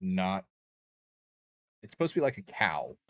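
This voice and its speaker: Low-voiced, rambling young man streaming. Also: huge pitch swings, measured pace. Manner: rambling, joking, crude. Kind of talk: casual gaming stream chat.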